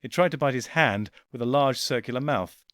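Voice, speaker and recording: A man narrating a science fiction audiobook in a measured, quiet storytelling voice. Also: mid-range voice, dry recording, clean studio sound. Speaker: audiobook reader. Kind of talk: scripted narration.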